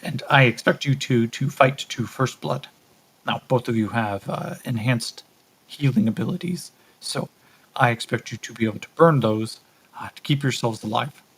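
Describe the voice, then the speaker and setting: A man's voice: mid-range voice, moderate pace, fairly bright tone, slightly rough. A man voicing a cold, controlling male captor who gives clipped, menacing orders. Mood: commanding.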